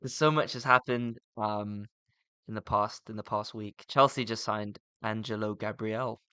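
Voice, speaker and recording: A young man co-hosting a football podcast, upbeat and steering the chat with quick questions. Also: on the low side, steady tone, bright, forceful tone, clear, resonant tone, no echo. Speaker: podcast co-host.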